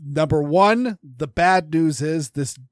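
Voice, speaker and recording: Man co-host, casual chat, voice sits a bit high, lots of restarts and filler words, dry close recording. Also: takes it slowly, no room sound. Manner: rambling, many restarts and fillers. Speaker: podcast co-host.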